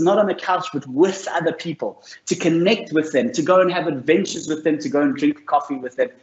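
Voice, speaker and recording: Earnest man giving a motivational talk. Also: fairly high pitch. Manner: earnest, storytelling, warm and encouraging. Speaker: mental health course presenter. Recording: roomy, slightly dull sound.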